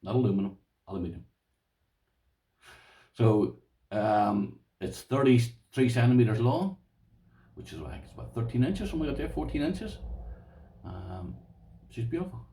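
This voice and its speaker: A man's voice: mid-range voice, animated, normal speed, dark tone, roomy sound, recorded from a distance. Rambling Irish man showing off padlocks. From Ireland. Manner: rambling, talks to viewers as "boys", uses "this here". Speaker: lock collector showing his padlocks. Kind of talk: casual show-and-tell to camera.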